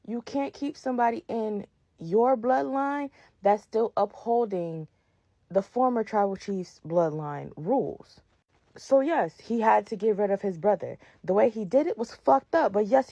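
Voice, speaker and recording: A woman's voice: fairly high pitch, vocal fry, a little mellow, no echo. A woman podcast host delivering a heated, profane rant about wrestling, emphatic and fired-up.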